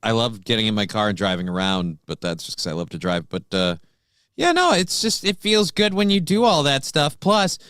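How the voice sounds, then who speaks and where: A man's voice: on the low side, lively intonation, normal speed, a bit bright, dry recording, studio quality. A man hosting a morning talk show, chatting casually in a blunt, profane, joking way. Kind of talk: casual chat.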